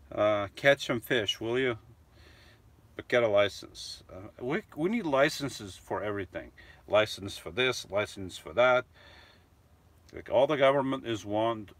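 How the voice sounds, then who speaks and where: A middle-aged man hosting a casual live stream, talking slowly and loosely between filler words. His voice sits at a medium pitch and is close and dry, with no room sound around it. He rambles in an easygoing, self-mocking way. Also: no echo. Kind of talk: casual live-stream chat, reading viewer comments.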